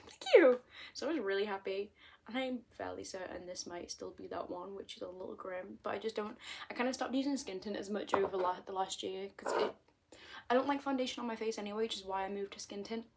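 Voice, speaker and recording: A young British woman rambles to the camera in a casual, self-deprecating monologue, recorded close on a tablet at home. Her pitch sits in the middle for a woman, and she skips from one small topic to the next. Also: quick pace, a little hiss or hum. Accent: British English. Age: 20s. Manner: rambling, self-mocking, jumps between topics. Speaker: vlogger.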